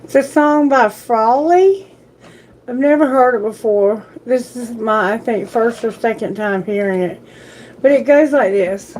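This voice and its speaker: A woman's voice: on the high side, unhurried, a little mellow. A woman hosting a live tarot reading, speaking earnestly and sympathetically to her viewers and to Spirit. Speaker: tarot reader.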